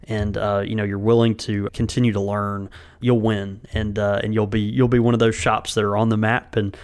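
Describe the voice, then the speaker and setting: A man hosting a casual podcast, speaking in a halting way with frequent fillers, restarts and easy laughter. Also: lowish voice, flat delivery, darkish tone, clear, resonant tone. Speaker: podcast host. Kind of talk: casual podcast chat and sponsor read.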